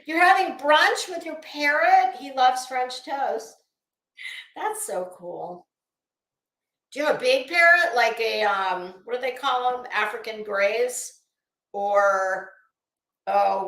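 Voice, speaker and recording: A woman's voice: on the high side, expressive, slow, a bit bright, roomy sound. A woman hosting a casual live stream, greeting viewers by name and swearing freely. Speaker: livestream host.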